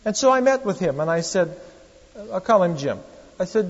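A pastor, preaching a sermon in a storytelling, conversational manner with wry asides to the congregation. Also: male voice, sits high, big pitch swings, moderate pace. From Oregon, USA. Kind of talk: sermon with anecdotes. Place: church. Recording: echoey church hall, dull lo-fi sound.

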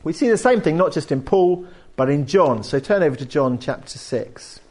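A male preacher, his voice sitting a little high and swinging widely as he talks. He preaches in a conversational, animated way, breaking off into homely asides. The sermon is delivered in a church hall. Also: normal speed. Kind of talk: sermon with anecdotes.

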